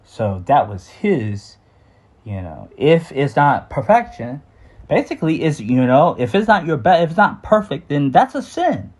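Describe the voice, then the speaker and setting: Husky middle-aged man telling his story. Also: fairly high pitch, sing-song, darkish tone. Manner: halting, with frequent fillers and restarts; earnest and sighing. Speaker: memoir storyteller. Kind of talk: unscripted personal storytelling.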